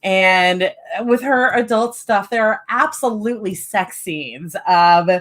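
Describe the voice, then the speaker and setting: Chatty woman running a writing stream, rambly and giggly, lots of ums, mid pitch. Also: slow, a bit bright. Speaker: writing sprint stream host. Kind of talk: casual live-stream chat.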